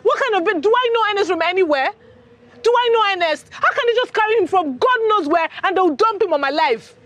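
A woman's voice: extremely high pitch, animated, brisk, fairly bright tone, no room sound. An actress playing a defiant young Nigerian woman who refuses a marriage her parents have arranged. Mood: angry. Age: young adult. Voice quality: indignant, insistent. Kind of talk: Nollywood film acting.

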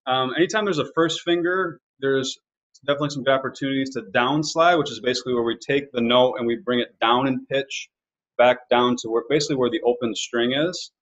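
Male violin teacher on a webinar, relaxed explainer, mid-pitched voice, lo-fi audio. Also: a little fast. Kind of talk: live online music lesson.

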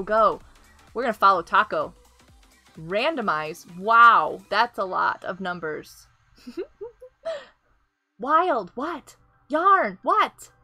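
Greeting viewers by name as she plays, a woman hosts a relaxed gameplay stream, giggling and getting excited over the game. Her voice is medium in pitch.

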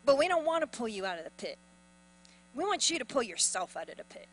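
A woman pastor preaching a sermon in an animated way, acting out voices as she goes. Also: fairly high pitch, quick pace, dry recording, low-quality recording.

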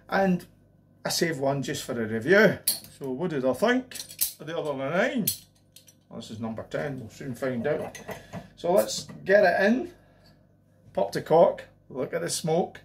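A man with a fairly high-pitched voice chats his way through a beer review. He rambles and drifts into jokey asides between sips. His delivery stays loose and unpolished. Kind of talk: casual beer review vlog.

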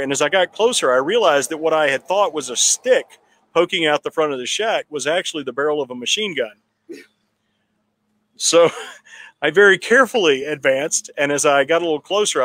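A man with a somewhat high voice tells a long anecdote at a town hall meeting. He rambles, restarts his phrases and chuckles now and then, like casual storytelling. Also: a bit bright. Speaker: political candidate telling a story.

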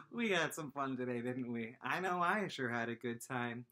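A woman's voice: a bass voice, expressive, moderate pace, hardly any pauses. A woman music teacher giving a playful online lesson to young children, teasing them and chanting rhythm syllables.

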